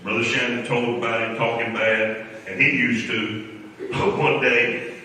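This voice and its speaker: A man's voice: medium pitch, flat delivery, a little slow, bright, forceful tone, a little hiss or hum. A man giving a funeral eulogy in a folksy, humorous storytelling way. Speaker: eulogy speaker. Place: large church hall. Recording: echoey hall from far off.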